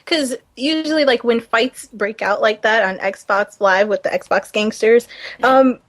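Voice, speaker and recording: A young woman co-hosting a casual gaming podcast, animated and quick to mimic other players. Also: on the high side, no echo. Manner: animated, mimics trash talkers in a raised voice. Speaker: podcast co-host. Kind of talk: casual chat.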